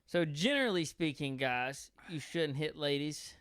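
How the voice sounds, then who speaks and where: A man's voice: on the high side, animated, unhurried, a bit bright, clear, resonant tone, dry recording. A man co-hosting a podcast, chiming in with wisecracks in casual chat. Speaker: podcast co-host.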